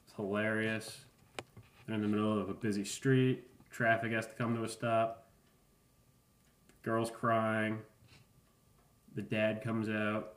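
A man in his thirties, a podcast host rambling through a casual comedic monologue with a deadpan, offhand manner and profane asides. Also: on the low side, takes it slowly, pauses often, echoey room. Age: 30s.

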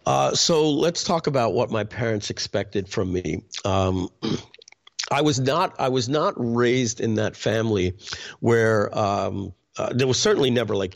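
A middle-aged man telling stories as an interview guest, halting with many restarts and frequent throat clearing. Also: on the low side, lively intonation. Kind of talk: candid conversational storytelling.

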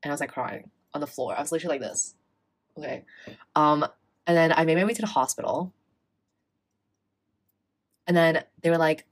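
Low-voiced young woman telling a rant. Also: a little fast, long pauses. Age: young adult. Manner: animated, swearing, acts out quoted exchanges. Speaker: storyteller in casual chat. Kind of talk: casual chat.

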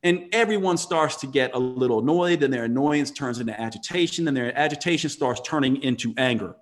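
A man's voice: medium pitch, fairly quick. A man telling a motivational story in conversation, earnest and emphatic, often restarting his sentences.

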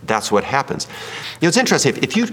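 A pastor with a mid-range voice delivers a folksy sermon, cracking jokes, telling stories, and putting questions to his listeners. He talks rapid-fire with big pitch swings, and his tone is a bit bright and slightly rough. A long hall reverb hangs over the recording.

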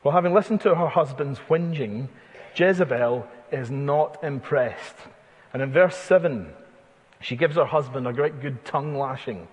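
Preacher, husky, in a reverberant hall. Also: male voice, medium pitch, moderate pace. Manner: vivid storytelling, dramatizing the text with asides. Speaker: pastor. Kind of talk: expository sermon. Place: church hall.

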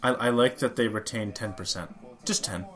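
A man with a bright, fairly low voice co-hosts a casual sports show. He talks in an easygoing way, trips over his starts and slips in dry jokes. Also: moderate pace. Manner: laid-back, wry asides, hesitant restarts. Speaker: podcast co-host.

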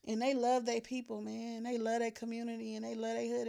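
A woman's voice: fairly high pitch, monotone, a little fast, vocal fry, few pauses, mellow. Heartfelt, slangy woman podcast co-host. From Los Angeles. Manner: heartfelt, candid, slangy, emotional. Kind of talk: casual podcast conversation.

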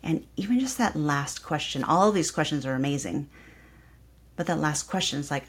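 A woman yoga teacher hosting her podcast, guiding listeners through affirmations and repeating each one slowly and calmly. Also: low-pitched, slightly rough. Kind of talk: guided reflection and affirmations.

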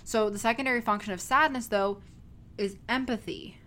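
A woman's voice: a little high, normal speed, sharp tone. A woman in casual conversation, explaining a film's ideas in a chatty way. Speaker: co-host discussing a film. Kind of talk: casual chat.

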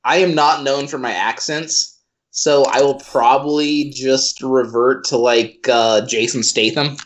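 Wry relaxed male podcast co-host. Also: mid-range voice, a little slow, a little hiss or hum. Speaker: podcast co-host, middle school teacher. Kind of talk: casual chat.

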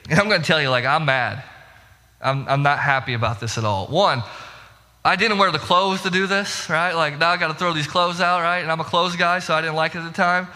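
A man's voice: on the high side, steady tone, brisk, sharp tone, long reverb tail. A young man preaching a sermon, telling a story against himself and building to emphatic rhetorical questions. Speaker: pastor.

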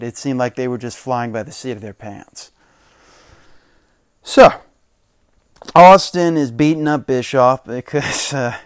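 A man hosting a podcast, recapping old wrestling shows in a casual, chatty way, laughing often and quoting wrestlers in animated bursts. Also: mid-range voice, clean tone, no room sound, studio quality. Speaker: podcast host.

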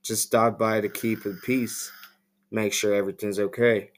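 Calm male cop, read by a man in his own voice, steady and by the book. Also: lowish voice, normal speed, close to an everyday voice. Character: calm male police officer.

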